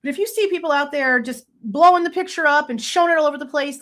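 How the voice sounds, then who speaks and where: Furious, high-voiced woman ranting. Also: lively intonation, brisk, a bit bright. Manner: heated, profane, cursing. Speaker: true crime commentator. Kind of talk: angry ranting commentary. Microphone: desk mic, faceless channel.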